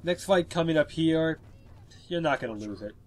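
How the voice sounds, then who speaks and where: Sounding congested from a cold, a man casually narrates a game walkthrough, explaining what's happening and using filler words. His fairly high voice is expressive and moves at a normal speed.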